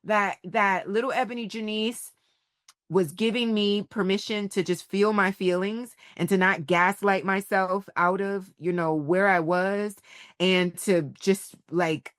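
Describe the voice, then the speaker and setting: A woman in her forties with a mid-range voice is a podcast guest in a casual storytelling interview. She tells personal stories animatedly, laughing often and acting out quotes. The recording is dry and studio quality.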